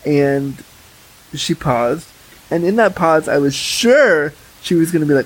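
A man's voice: a little high, expressive, a little slow, poor audio. A young man talking frankly and chattily as a podcast guest, full of fillers. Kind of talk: candid casual conversation.

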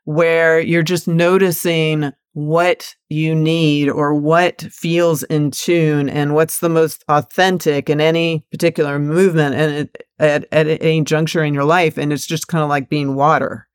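A woman hosting a podcast, talking in a relaxed, conversational way and thinking aloud through examples as she steers the topic. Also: sits low, a little slow, few pauses, smooth, no room sound, clean studio sound.

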